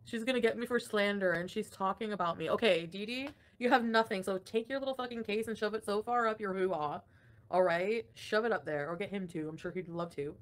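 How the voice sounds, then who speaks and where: A woman's voice: mid-range voice, fairly quick. A young woman hosting a casual livestream, ranting with frequent swearing and laughter while reading chat comments. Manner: profane, ranting, laughs often. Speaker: livestream host.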